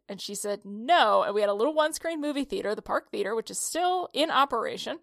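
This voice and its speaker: Woman, upstate New York, podcast co-host, giggly, rambling, slightly high voice. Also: normal speed, vocal fry, no echo, studio quality. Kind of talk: casual chat.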